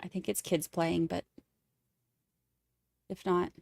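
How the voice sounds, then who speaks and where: A woman's voice: lowish voice, flat delivery, slow pace, gravelly, darkish tone, no room sound. A woman hosting a casual livestream, chatting with viewers in a snarky, laughing way. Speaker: livestream host. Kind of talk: casual chat with live chat.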